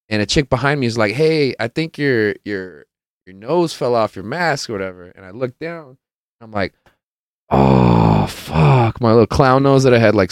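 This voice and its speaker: A man hosts his own podcast in a casual storytelling monologue. His voice is smooth and resonant and sits at an ordinary middle pitch. The sound is dry and close, and he rambles, swears and laughs while acting out the quotes. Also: darkish tone, dry recording. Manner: rambling, profane, laughs often, acts out quotes. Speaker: podcast host.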